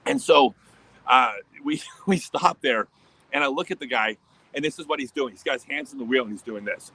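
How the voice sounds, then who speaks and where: A man hosting a casual livestream, telling a driving story and answering chat questions with laughter and quick asides. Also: medium pitch, pushed and bright, breathy edge, low-quality recording. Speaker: livestream host. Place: home in Australia, livestream.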